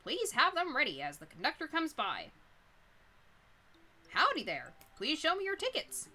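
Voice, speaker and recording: A woman voicing a folksy, hooded male train conductor in a visual novel, loud and cheery. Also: high voice, wildly swooping pitch, normal speed, pitched above the performer's own voice, full character voice.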